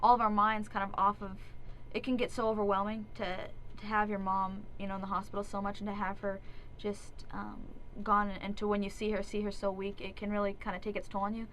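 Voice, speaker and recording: A woman's voice: mid-range voice, little pitch movement, brisk, fairly bright tone, slight background noise, low-quality recording. A young woman, an actress and singer, chatting earnestly and giggling as a guest in a radio studio interview. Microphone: studio microphone.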